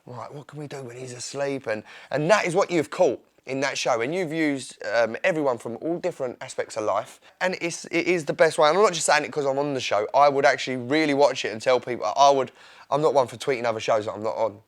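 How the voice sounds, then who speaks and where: A young man with an Essex accent, an interview guest who chats in a rambling, excitable way and laughs often. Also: medium pitch, fast talker. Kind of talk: casual interview chat.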